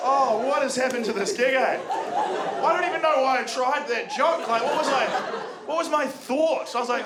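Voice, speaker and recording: Young New Zealand man, stand-up, high voice, dry and sweary; live room with loud noise and audience. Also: normal speed, a loud crowd. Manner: sardonic, swears freely, laughs at own jokes. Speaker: stand-up comedian. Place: comedy venue before a live audience.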